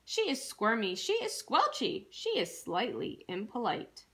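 A woman reading a rhyming children's picture book aloud with an expressive rhythmic delivery. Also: on the high side, a little slow, hardly any pauses. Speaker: children's storyteller.

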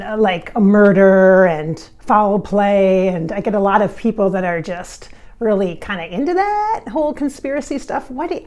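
A woman's voice: medium pitch, a little mellow. A woman hosting a spiritual vlog, talking in an effusive, giggly way with frequent laughs. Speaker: channeler and vlog host. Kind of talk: casual spiritual vlog talk.

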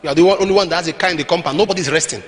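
A man with a Nigerian accent preaching a sermon, telling stories animatedly with bursts of shouting. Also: a little high, very fast, noisy background. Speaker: apostle, preacher.

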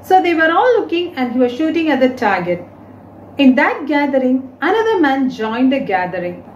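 Woman, teacher, very lively pitch, slight room echo. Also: normal speed, dull audio, a little hiss or hum. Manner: explains words, retells story in simple English. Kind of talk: explaining a reading lesson.

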